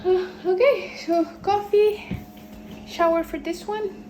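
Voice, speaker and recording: A woman's voice: very high voice, steady tone, slow pace. A woman chatting casually on a road-trip travel vlog, loose and rambling, often trailing off and restarting her thoughts. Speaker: travel vlogger. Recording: outdoor recording with clear background noise.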